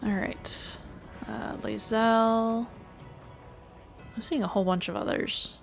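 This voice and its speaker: A woman hosting a let's play, quietly talking through her moves with frustrated asides. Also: on the high side, steady tone, takes it slowly, vocal fry, faint music behind. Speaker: gaming video host.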